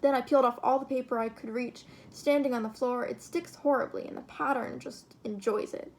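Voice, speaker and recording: A woman reading a short story aloud in an expressive, steady storytelling manner. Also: sits high, a little fast, a little hiss or hum. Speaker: reader.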